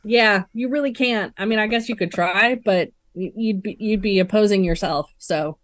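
A woman's voice: mid-range voice, moderate pace, dry recording, clean studio sound. A woman co-hosting a political talk chat, emphatic and indignant, with lots of fillers. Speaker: podcast co-host.

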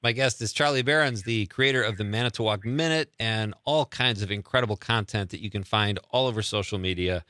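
A man hosts the interview in an upbeat, chatty way. His voice is bright and forward. The sound is dry and close, with no room around it. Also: fairly low pitch, a little fast, hardly any pauses, no echo. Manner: chatty, laughs along, upbeat. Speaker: interview host. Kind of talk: casual interview chat.

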